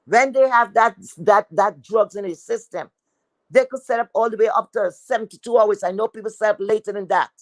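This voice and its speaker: A woman's voice: medium pitch, a little fast, no echo, poor audio. Blunt, scolding woman on a livestream. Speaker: livestream commentator. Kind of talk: heated commentary rant.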